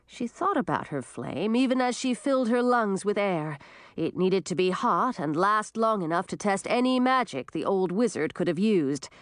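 A woman reading a fantasy story aloud with a lively, rising and falling delivery. Her voice sits in a middle range and sounds close and dry, with no room echo. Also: medium pitch, moderate pace. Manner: expressive, animated reading. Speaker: audiobook narrator. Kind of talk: storybook narration.

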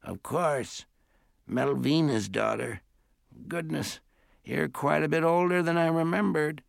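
A man voicing a very old, frail woman who speaks in a stately, curt way, slowly and softly. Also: a little high, vocal fry, no echo, studio quality, voice pushed up, exaggerated voice. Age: over 60. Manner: curt, stately, softened and slow.

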